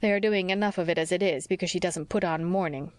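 A woman's voice: fairly low pitch, fast, no room sound, clean studio sound, lightly acted. A woman voicing a blunt outspoken older woman. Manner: blunt, gossipy.

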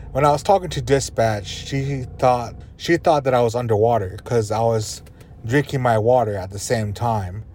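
A man's voice: mid-range voice, darkish tone. A man hosting a podcast, telling stories in a rambling, casual way, swearing and chuckling as he talks from inside his car. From Arizona reservation. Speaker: podcast host. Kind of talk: casual storytelling. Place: inside a car on a dirt road. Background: faint vehicle noise.

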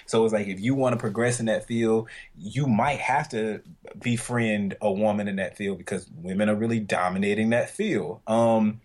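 Podcast co-host, male, Southern twang, lowish voice, loose storyteller who trails off and restarts. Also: steady tone, moderate pace, a little mellow. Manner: rambling storyteller, many fillers and restarts. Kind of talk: casual chat.

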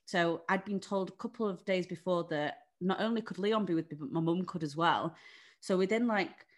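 A young English woman with a fairly low voice tells a personal story at normal speed in casual conversation. She's frank and chatty, swearing a bit and filling her speech with "like" and "you know."

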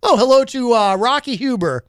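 A man's voice: very high-pitched, expressive, normal speed, smooth, dry recording, clean studio sound. A man hosting a radio show in casual chat, teasing his co-host in a playful, mock-dramatic way. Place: radio studio.

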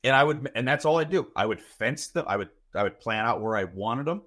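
A man's voice: medium pitch, animated, fairly quick, fairly bright tone. A man in his thirties, a podcast guest talking casually and rambling, often repeating words as he thinks. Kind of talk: casual chat.

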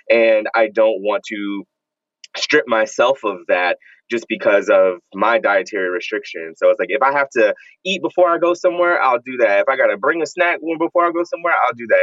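Young man from Florida, vegan creator, mid-pitched, animated slangy talker, dry muffled lo-fi audio. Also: dry recording. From Jacksonville, Florida, US. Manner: animated storyteller with lively, emphatic slang. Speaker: vegan content creator, guest. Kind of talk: casual conversational chat.

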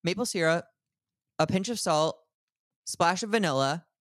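A man's voice: high-pitched, animated, moderate pace, fairly bright tone, dry recording, studio quality. A young man co-hosting a podcast, chatting candidly and laughing often. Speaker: podcast co-host. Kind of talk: casual chat.

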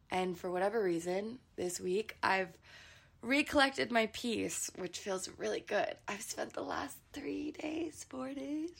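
A woman's voice: mid-range voice, gravelly. Twenties woman podcasting alone, just-woke-up voice, chatty and candid, laughs a bit. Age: 20s. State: morning voice, not warmed up. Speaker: podcast host. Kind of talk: solo podcast chat. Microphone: podcast microphone.

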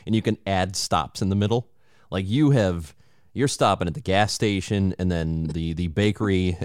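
A man's voice: deep voice, no echo, clean studio sound. A man hosting a podcast, chatting casually and joking, with frequent laughs. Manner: animated, laughs often, joking. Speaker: podcast host.

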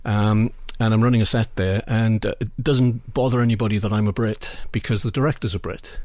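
A man's voice: lowish voice, steady tone, fairly quick, darkish tone, dry recording, studio quality. A man who works as a film assistant director and lecturer, a podcast guest telling work anecdotes in an emphatic way and repeating himself for weight. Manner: storytelling, emphatic repetition. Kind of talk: anecdotal interview talk.

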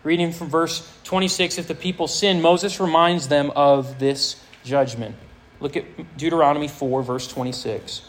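A male pastor preaching a sermon to a high school audience, reading scripture aloud with earnest emphasis. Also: steady tone, moderate pace, poor audio.

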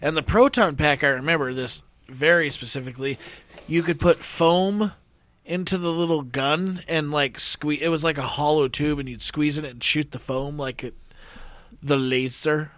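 A man with a somewhat high voice chats on a podcast. He is animated, swears freely and talks over the others. His voice sounds dry and close to the mic. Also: normal speed, no room sound. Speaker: podcast co-host. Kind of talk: casual chat.

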